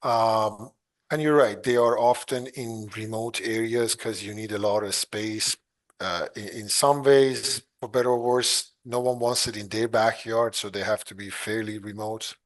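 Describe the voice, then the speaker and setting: A man's voice: on the low side, fairly even intonation, measured pace. A man talking casually as a podcast guest, hesitant, with many fillers and restarts, chuckling as he tells stories. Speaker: podcast guest, clean energy engineer. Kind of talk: casual interview talk.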